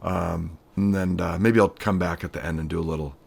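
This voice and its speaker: Low gravelly-voiced man hosting casually. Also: fairly even intonation, brisk, darkish tone. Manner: rambling, self-deprecating, many fillers. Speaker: show host. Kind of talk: unscripted casual intro to camera. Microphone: webcam-style camera close up.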